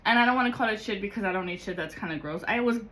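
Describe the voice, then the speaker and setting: A woman giving a rambling, excitable spiritual vlog monologue as a card-reading guide, swearing freely. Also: mid-range voice, very fast, low-quality recording.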